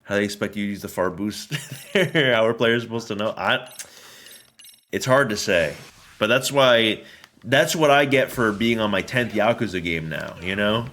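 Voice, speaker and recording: A man's voice: on the low side, normal speed, a bit bright. Profane joking man streaming gameplay. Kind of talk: casual gameplay commentary.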